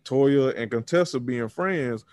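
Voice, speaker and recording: A man's voice: mid-range voice, unhurried, a little mellow, dry recording. A man co-hosting a casual recap podcast, talking bluntly with plenty of cursing. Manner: blunt, profane, preachy. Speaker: podcast co-host.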